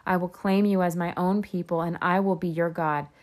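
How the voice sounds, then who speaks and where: A woman with a lowish voice reads scripture aloud, keeping a steady, measured delivery.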